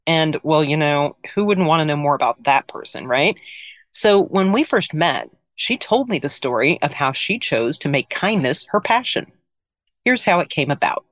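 A woman's voice: low voice, animated, normal speed, no room sound. A woman hosting a podcast, introducing a guest in scripted narration with conversational asides to the listener. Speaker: podcast host.

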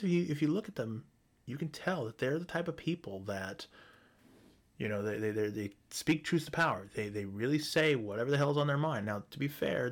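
Profane, ranting man. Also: mid-range voice. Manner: frequent restarts and stumbles. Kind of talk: solo opinion rant.

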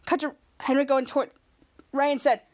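A young woman casually recapping a TV episode as a podcast host, acting out the characters' lines with sudden loud, shrill bursts. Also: steady tone, normal speed.

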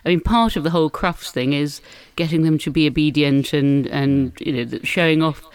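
A woman's voice: sits low, clean tone. A woman, co-hosting a casual chat in a chatty, prim manner. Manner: chatty, prim, quick to scold. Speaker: co-host.

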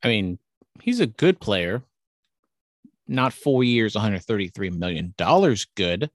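A man's voice: on the low side, sing-song, a little slow, no echo. A young man co-hosting a casual podcast, rambling through sports opinions and teasing his co-host. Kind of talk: casual chat.

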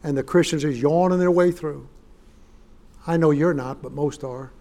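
A man preaching a fiery sermon in a church, folksy and swelling into loud emphatic bursts. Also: a little high, normal speed. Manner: folksy, rising to shouted emphasis.

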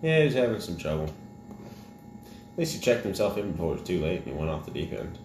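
A man co-hosting a podcast in casual chat, joking and animated. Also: low-pitched, fairly quick, roomy sound, background noise. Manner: joking, animated, laughs often. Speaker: podcast co-host.

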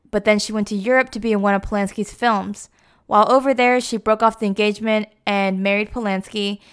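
A woman's voice: mid-range voice, smooth. A young adult woman casually retelling a story, chatty and full of fillers like "like" and "you know".

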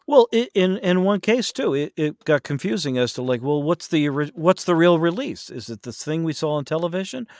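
A man's voice: fairly high pitch, expressive, fairly quick, hardly any pauses, a little mellow, no room sound. Man, audiobook narrator, casual interview talk, rambling, lots of ums, dry close sound. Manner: rambling, many fillers and restarts.

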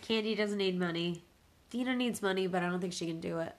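A woman's voice: on the low side, quick pace. A woman co-hosting a casual podcast, teasing and laughing easily as she chats. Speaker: podcast co-host. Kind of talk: casual chat.

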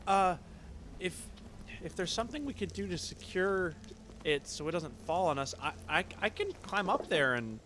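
Bright-voiced joking male player. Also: high voice, lively intonation, normal speed, a little hiss or hum. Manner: joking, laughs often. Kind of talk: casual chat during a tabletop game.

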